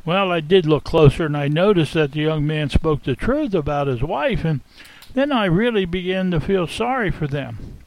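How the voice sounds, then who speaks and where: A man telling a first-person dramatic monologue as an innkeeper, theatrical and expressive, savoring the tale. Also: a little high, normal speed, dry recording, poor audio. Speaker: storyteller.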